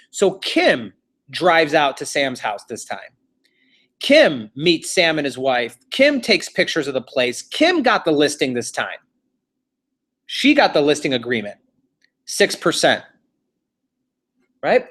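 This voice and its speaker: A man's voice: a little high, huge pitch swings, slow, pauses often, fairly bright tone. A man teaching a real estate class, telling a story in a casual, chatty, repetitive way.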